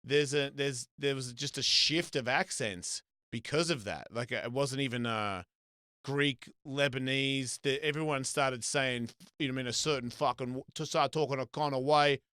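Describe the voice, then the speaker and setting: A man's voice: medium pitch, normal speed, bright, forceful tone, smooth, no room sound, studio quality. A middle-aged Australian man hosting a casual chat, swearing freely and rambling through restarts. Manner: rambling, profane, lots of restarts. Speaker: host.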